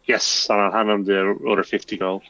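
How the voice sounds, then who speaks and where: A man's voice: lowish voice, little pitch movement, normal speed, muffled recording, a crowd in the background. A man playing in a tabletop game, giving short plain replies. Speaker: player. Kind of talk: casual tabletop play.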